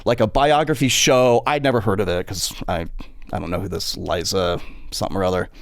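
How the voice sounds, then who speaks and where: A man's voice: quick pace, gravelly, dry recording, studio quality. A man hosting a podcast, telling a funny story as a monologue and acting out the people in it. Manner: animated, acts out quotes in a high voice. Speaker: podcast host.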